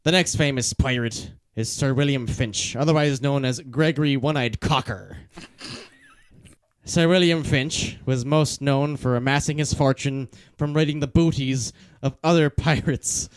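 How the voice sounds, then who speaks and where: A man co-hosting a podcast, reading facts from his notes in a deadpan, joking way. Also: medium pitch, measured pace, smooth. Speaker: podcast co-host. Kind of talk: reading out notes in casual chat.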